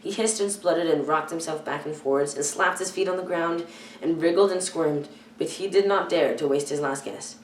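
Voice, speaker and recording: A teenage girl reading a children's novel aloud, careful and halting, often stumbling and correcting herself. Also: low voice, a little hiss or hum. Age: teens. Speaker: youth reader. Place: church hall. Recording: echoey room, far from the mic.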